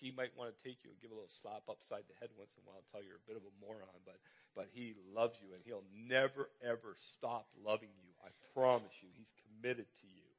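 A man's voice: on the low side, steady tone, quick pace, slightly rough. Man preaching a casual, repetitive sermon. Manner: conversational, warm-hearted preaching with repetition. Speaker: pastor.

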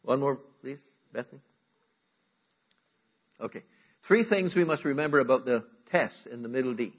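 A man preaching a sermon to a congregation, calling out to the room and moving between loud emphatic lines and quiet asides. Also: medium pitch, animated, moderate pace, husky, highs cut off. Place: church.

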